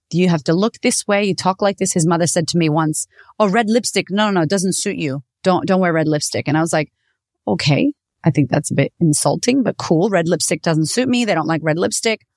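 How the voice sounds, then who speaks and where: A woman podcast host with a lower voice tells her own story in a candid, animated way. Her speech is close to the mic with a dry sound and no room echo. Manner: candid, animated, swears freely. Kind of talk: personal storytelling monologue.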